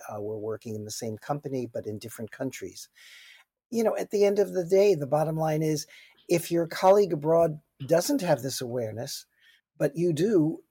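Mellow husky New York man explaining. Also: mid-range voice, no echo, clean studio sound. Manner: earnest, explanatory, self-deprecating. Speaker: guest expert on cross-cultural communication. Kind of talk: interview answers.

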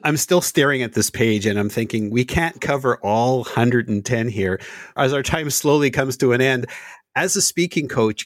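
A man interviewing a guest, asking questions in a measured, inviting way. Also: medium pitch, no echo, clean studio sound.

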